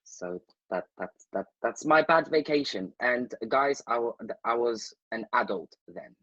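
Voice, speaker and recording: Husky man rambling through a story. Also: mid-range voice, expressive, measured pace, fairly bright tone, dry recording, dull audio. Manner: rambling, playful storyteller who addresses listeners directly. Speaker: guest. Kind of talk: casual anecdote telling.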